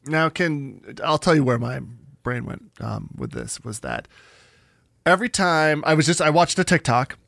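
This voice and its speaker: Gravelly, lively man laughing through chat. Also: a little high, moderate pace, no echo, studio quality. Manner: animated, joking, laughs often. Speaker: podcast co-host. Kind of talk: casual comedic chat.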